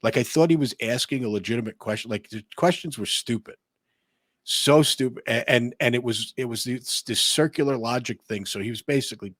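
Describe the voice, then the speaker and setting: A man's voice: mid-range voice, brisk, fairly bright tone, no echo, clean studio sound. A man co-hosting a casual podcast chat, telling rambling, profane work stories and laughing through them. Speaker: podcast co-host.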